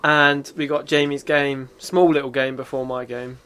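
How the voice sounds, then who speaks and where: A man's voice: mid-range voice, level tone, moderate pace, sharp tone, clear, resonant tone. A man co-hosting a podcast, teasing his friends with incredulous questions. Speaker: podcast co-host. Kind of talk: casual banter.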